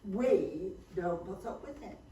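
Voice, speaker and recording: A woman's voice: mid-range voice, animated, slow, dark tone. A woman playing a snobbish wealthy wife in a stage play, haughty and gushing. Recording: echoey hall, far from mic.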